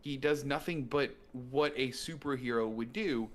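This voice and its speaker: A man's voice: mid-range voice, normal speed. Man making a point on a movie podcast. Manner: argumentative, builds a point with "right?". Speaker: podcast co-host. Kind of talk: casual movie review chat.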